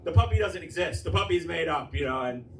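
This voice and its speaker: A male stand-up comic works through a raunchy set with a loose, rambling delivery, slipping into little acted-out quotes. His voice sits a bit high for a man. The recording catches him from across an echoey club, with a noisy room under him. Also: animated, fast, recorded from a distance. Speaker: stand-up comedian. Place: comedy club stage. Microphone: handheld stage mic, recorded from the room.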